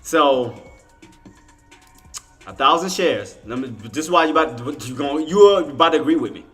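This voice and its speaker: Bright-voiced exasperated man talking to chat. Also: fairly high pitch, expressive, normal speed, faint music behind. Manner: exasperated, swears, talks straight to chat. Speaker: day trader streaming to viewers. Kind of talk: live trading commentary.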